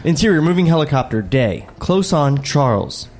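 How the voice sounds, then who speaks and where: A man's voice: on the high side, animated, moderate pace, darkish tone, soft background music. A man co-hosting a comedy table read, reading stage directions with profane, irreverent asides.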